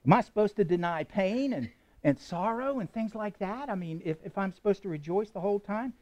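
A man with a high voice preaches a sermon to his congregation. He talks conversationally, asks his listeners questions and chuckles now and then. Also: expressive, brisk, a little mellow. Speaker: pastor.

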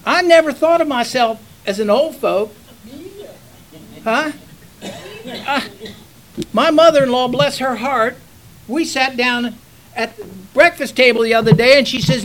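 A man's voice: very high-pitched, unhurried, pauses often, a bit bright, slight background noise, poor audio. An older man, a pastor preaching a sermon in a folksy storytelling manner that rises into fervent exhortation.

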